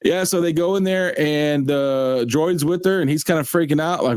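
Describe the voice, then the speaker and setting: A man hosting a casual review chat, excitedly retelling scenes and acting out the characters' lines in quoted voices. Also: on the high side, moderate pace, clean tone, dry recording, studio quality. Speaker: show host.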